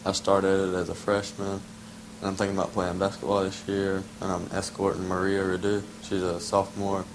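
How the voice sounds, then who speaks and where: A laid-back teenage boy chewing gum while answering questions in a relaxed way. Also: sits low, a little fast, background noise. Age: teens. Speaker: student interviewee.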